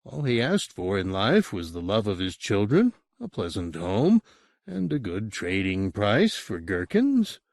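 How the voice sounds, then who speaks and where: A male narrator reads a horror story aloud in a lively, expressive manner. He takes his time, with a mid-range voice. The sound is dry and close. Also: lowish voice, measured pace, vocal fry, no echo. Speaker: audiobook narrator. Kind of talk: scripted narration.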